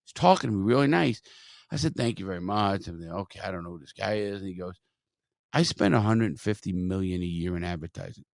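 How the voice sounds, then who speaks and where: A man hosting a podcast, telling stories in a profane, animated way and quoting others as he goes. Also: sits low, fast, vocal fry, dry recording, studio quality. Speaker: podcast host. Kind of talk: casual storytelling chat.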